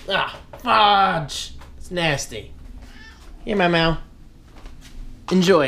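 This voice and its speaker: A man's voice: medium pitch, fairly bright tone, slight background noise. A man chatting casually to his viewers in a daily vlog, joking and talking to the camera as he goes about his day. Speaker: vlogger.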